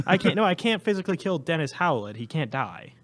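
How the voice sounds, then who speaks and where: A man's voice: fairly high pitch, big pitch swings, quick pace. A man co-hosting a podcast in casual comedic chat, rambling with lots of fillers and laughter. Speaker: podcast co-host.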